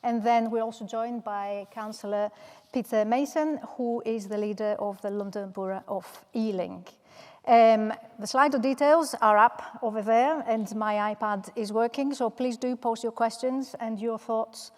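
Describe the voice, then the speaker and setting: A woman from Manchester moderating a panel discussion, speaking in a measured way with frequent "uh" fillers. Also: fairly high pitch, fairly even intonation, a little mellow. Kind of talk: panel introduction. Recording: long hall reverb.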